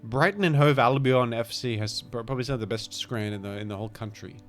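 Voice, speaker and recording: An Australian man streams a game and keeps up casual, rambling commentary, poking fun at himself before trailing off into mumbled asides. His voice sits at a medium pitch and moves quickly, with faint music playing in the background.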